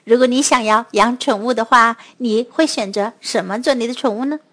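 A woman teaching children English, repeating phrases slowly and clearly in a bilingual lesson. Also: on the high side, a bit bright. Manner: slow, clear repetition for children.

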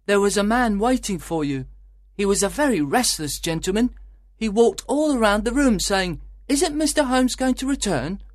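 A woman plays a young page boy in a storybook audio drama, polite and eager. The voice sits high and runs quick and breathless. It is recorded close and dry. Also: lively intonation, no room sound, lightly acted.

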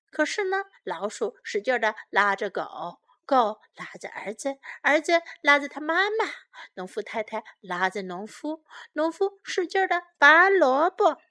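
A woman reading a children's story aloud in two languages and teaching English, slowly and clearly repeating phrases for learners. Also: sits high. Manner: lively storybook delivery.

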